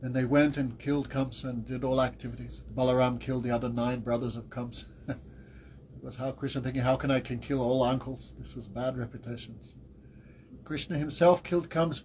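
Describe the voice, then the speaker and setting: A man giving a devotional class as a spiritual teacher, telling the story in a lively way. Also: mid-range voice, slight background noise, poor audio. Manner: animated storytelling with laughs and acted quotes.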